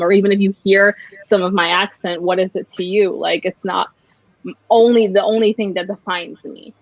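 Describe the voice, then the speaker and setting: A woman chats as a guest in a casual discussion, animated and often restarting her sentences. Her recording is dry and slightly lo-fi, with a dull, muffled top end. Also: mid-range voice, normal speed, dry recording. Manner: animated, restarts often, laughs between points.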